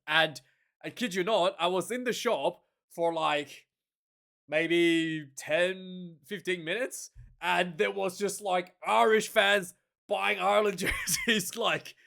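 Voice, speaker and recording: A man's voice: high voice, fairly even intonation, slow pace, vocal fry, fairly bright tone. A young man hosting casual rugby commentary, rambling and chatty, with frequent laughs and many fillers. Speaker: rugby commentator and channel host.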